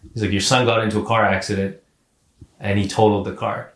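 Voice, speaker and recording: Low-voiced man telling a story, roomy room. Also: quick pace, slight background noise. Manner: animated, profane, repeats words and says "like" often. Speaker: podcast co-host. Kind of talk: casual storytelling.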